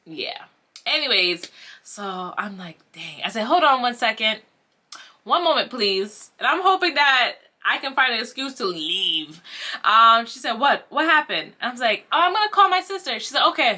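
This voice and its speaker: A young woman telling a casual storytime vlog, animated and acting out the voices of the people she quotes. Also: on the high side, a little slow. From Haitian family. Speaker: vlogger.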